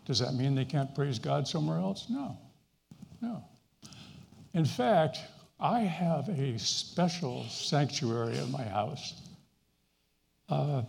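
Gravelly-voiced man preaching in a hall. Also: on the high side, expressive, measured pace. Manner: earnest, conversational preaching with fillers. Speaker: pastor. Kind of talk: sermon.

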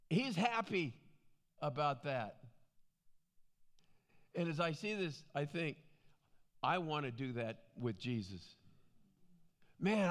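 A man teaching from the Bible in a conversational preaching style, with frequent asides. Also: on the high side.

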